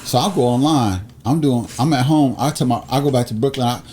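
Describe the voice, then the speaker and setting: A man from Ohio, a guest on a casual podcast, telling stories in a lively, slangy way and acting out what people said. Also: medium pitch, fairly quick, a little hiss or hum. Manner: animated storyteller, acts out quotes in slangy talk. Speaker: guest, clothing brand owner.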